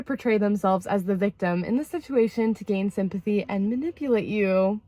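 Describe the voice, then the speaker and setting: A young woman chatting casually to camera about therapy, lively and expressive, acting out quoted lines with big jumps in pitch. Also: normal speed, few pauses, no echo. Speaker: vlogger sharing therapy insights.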